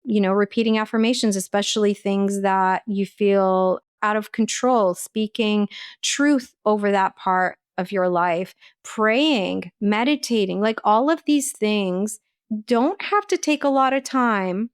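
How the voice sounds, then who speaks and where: A woman's voice: medium pitch, unhurried, clear, resonant tone, no echo, studio quality. A woman, a holistic nutritionist and life coach, giving earnest, practical advice as an interview guest, with a sprinkling of "like" and "you know".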